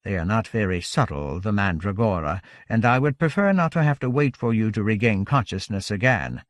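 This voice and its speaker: A hushed, breathy figure that is never seen, speaking with calm, courteous menace from somewhere close by, as a man puts the voice on. The voice is low and soft as drifting wind, polite and unhurried. It is recorded dry for a storybook reading. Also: no echo, lightly acted. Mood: polite, menacing. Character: unseen breathy captor, soft-spoken and polite.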